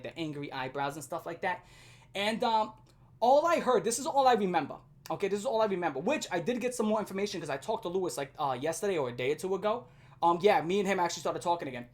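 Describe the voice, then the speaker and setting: A woman in her twenties telling a storytime rant in a casual, profane and self-mocking way. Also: mid-range voice.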